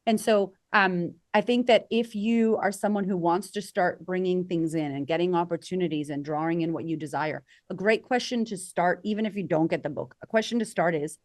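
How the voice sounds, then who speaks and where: A woman coaching as a podcast guest, energetic and conversational, acting out quoted voices for emphasis. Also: on the low side, brisk, few pauses. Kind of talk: conversational interview.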